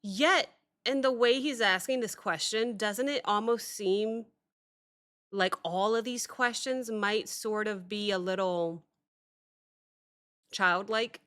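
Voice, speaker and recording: A woman's voice: medium pitch, a bit bright. Reflective woman reacting to a song. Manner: reflective, halting with many ums and restarts. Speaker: music reaction host. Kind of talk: casual reaction commentary.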